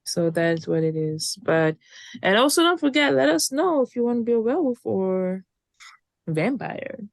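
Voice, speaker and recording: A woman's voice: fairly high pitch, lively intonation, normal speed, gravelly, dry recording. A young woman in her twenties co-hosting a casual podcast, a little tired and rambling, with frequent restarts. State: tired, yawning. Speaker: podcast co-host.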